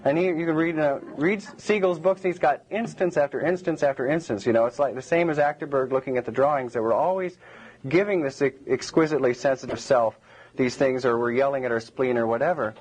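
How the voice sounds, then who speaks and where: Husky-voiced male lecturer, rambling. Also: medium pitch, fairly quick, a little mellow, low-quality recording. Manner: rambling and digressive, many restarts. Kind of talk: public lecture to a live audience.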